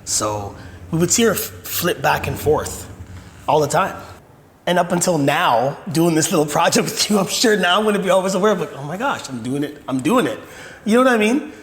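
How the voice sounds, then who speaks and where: A man's voice: high-pitched, animated, brisk, long reverb tail. A man talking in an easygoing, conversational way in an interview.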